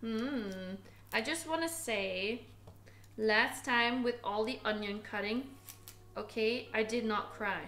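Woman, home cooking livestreamer, relaxed unhurried chatter, self-teasing; roomy kitchen sound. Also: fairly high pitch. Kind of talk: casual live cooking stream chat.

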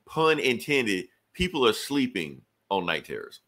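A man's voice: mid-range voice, big pitch swings, unhurried, fairly bright tone. A man hosting a casual podcast chat, recapping in a loose, rambling way with plenty of swearing. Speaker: podcast host.

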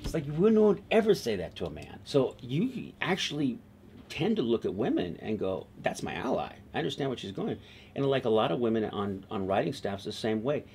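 A middle-aged man, a TV writer being interviewed, telling stories in a lively, conversational way and laughing easily. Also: medium pitch, moderate pace, slight background noise. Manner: animated, laughs easily, slips into quoted voices. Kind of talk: conversational storytelling.

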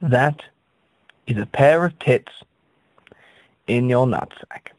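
A man's voice: slow pace, no room sound. Rambling stammering man, dry sound. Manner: rambling, stammering, pitch leaping high for comic effect. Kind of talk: absurd comic monologue.

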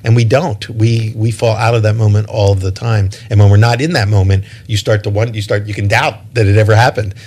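A man with a somewhat low voice talks at length as an interview guest. He is thoughtful and halting, often repeating words and restarting his sentences while he gathers his thoughts. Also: fairly even intonation, darkish tone, slightly rough. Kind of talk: reflective interview talk.

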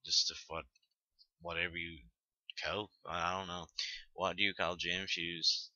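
A man's voice: deep voice, flat delivery, unhurried, sharp tone, no echo, muffled recording. A teenage man with a Southern Tennessee accent, chatting casually and hesitantly, trailing off and swearing offhand while reading through an accent tag. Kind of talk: casual unscripted chat.

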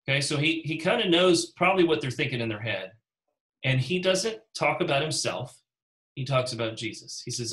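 Lively man teaching a Bible class. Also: mid-range voice, moderate pace, low-quality recording. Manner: animated, acts out quotes in character voices; conversational, calls on class members.

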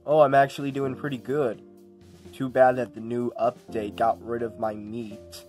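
A man's voice: medium pitch, level tone, moderate pace, darkish tone, faint music behind, close to an everyday voice. A man voicing a goofy, food-obsessed blocky game hero who rambles and turns whiny when upset. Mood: boastful. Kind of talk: homemade comedy sketch voice acting.

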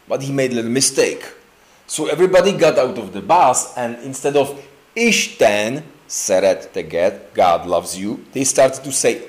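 A man preaching an informal, joking sermon in a church, full of fillers and restarts. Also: mid-range voice. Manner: chatty and joking, with many fillers and slow restarts. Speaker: pastor. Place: church sanctuary indoors.

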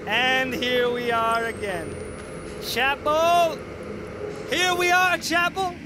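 A very high male voice yells and swears through horror game commentary. His delivery is loud and excitable. A heavy hiss of noise runs under the recording. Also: slow pace. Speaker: gaming video creator.

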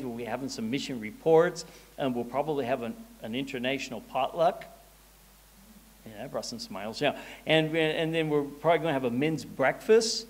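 A pastor preaching a conversational sermon in church, often restarting and repeating words as he goes. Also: on the high side.

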